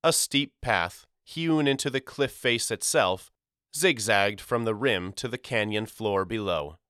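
A man reads a novel in first person, measured and somber. His voice is lowish yet bright and smooth. It is recorded dry and close to the mic. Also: no room sound. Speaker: audiobook narrator. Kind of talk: scripted first-person narration.

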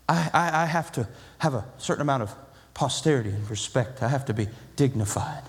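A man's voice: mid-range voice, animated, a little fast, slightly rough, long reverb tail. A man preaching a sermon as pastor, building emphasis through repeated phrases and acting out quotes from his congregation. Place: church sanctuary.

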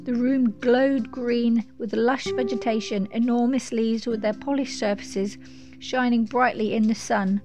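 A woman narrating a storybook in a measured, descriptive way. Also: on the high side, fairly even intonation, over music.

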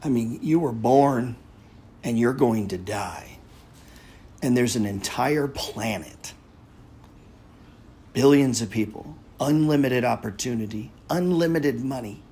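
A man's voice: mid-range voice, takes it slowly, long pauses, warm tone, husky. A man hosting a live audio chat room, talking casually in a blunt, profane, rambling way. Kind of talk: casual talk.

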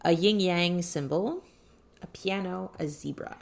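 Unhurried and lowish, with vocal fry, a woman reads out quiz choices in sequence during casual chat as a podcast co-host.

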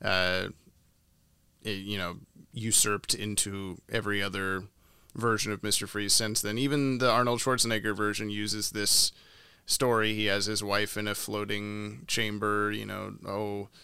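A man's voice: fairly low pitch, level tone, unhurried, vocal fry, bright, forceful tone, clean tone, no room sound. A young man co-hosting a podcast, chatting casually and laughing often. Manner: laughs often, tries funny voices. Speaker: podcast co-host. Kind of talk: casual chat.

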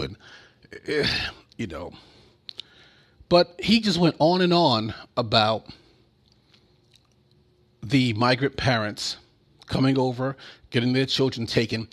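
A man talks through a casual commentary rant, blunt and sarcastic. His pitch sits right in the middle for a man. He swears freely. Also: lively intonation, a little slow, long pauses. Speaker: political commentator.

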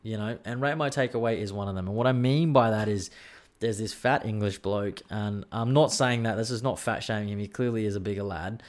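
A young man hosting a solo podcast, telling rambling, excitable stories and swearing freely. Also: lowish voice, fairly quick. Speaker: podcast host. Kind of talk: casual solo podcast chat.

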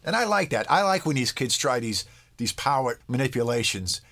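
A man with a mid-range, gravelly, fairly bright voice talks at a moderate pace with a sing-song lilt. As a parenting expert in an interview, he explains conversationally, asks "all right?" to check in, and quickly acts out lines from kids and parents.

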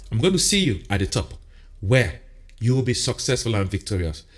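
A man preaching as a pastor on a podcast, emphatic and shifting between loud declarations and softer asides. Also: on the low side, very animated, fairly quick, heavy background noise. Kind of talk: podcast sermon.

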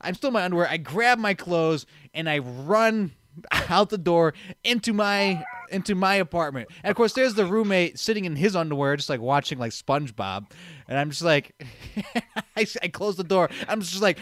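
A man's voice: sits high, animated, moderate pace, a bit bright. Rambling young man telling a story. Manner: rambling, many fillers and restarts, acts out quotes. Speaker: storyteller guest. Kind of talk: casual storytelling.

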